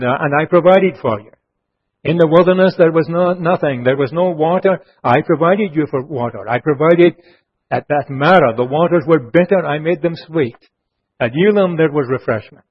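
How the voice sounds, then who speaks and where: A man preaching an expository sermon, earnest, slowing down and dropping his voice low on key phrases. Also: husky. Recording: muffled lo-fi sermon recording.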